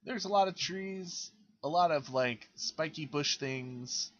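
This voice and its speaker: A man runs a tabletop game as its game master, describing the scene at an unhurried pace. He pauses on fillers as he goes. His voice comes through a dull, lo-fi mic. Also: on the high side. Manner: relaxed, halting narration with fillers.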